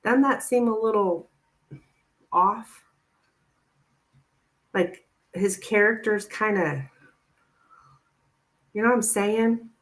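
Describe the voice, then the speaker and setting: A woman's voice: medium pitch, takes it slowly, pauses often, fairly bright tone. A woman giving a live tarot reading, chatting with viewers and thinking aloud with lots of "like.". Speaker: tarot reader.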